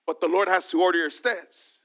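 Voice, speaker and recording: Pastor, male, very high bright voice, slow repetitive preaching to the congregation. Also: fairly even intonation. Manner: preaching, repeats lines, calls to the church. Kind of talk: sermon.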